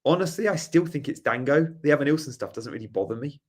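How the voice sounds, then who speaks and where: A young man hosting a live stream Q&A, reading chat questions aloud in a jokey, casual way, his voice hoarse after a night out. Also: mid-range voice, lively intonation, quick pace. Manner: reads chat questions aloud, jokey, tries silly regional accents. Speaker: host.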